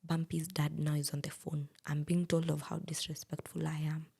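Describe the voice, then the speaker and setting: A young Kenyan woman co-hosting a podcast, recounting a personal story in a hushed, breathy way. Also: low-pitched, level tone, normal speed. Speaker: podcast co-host.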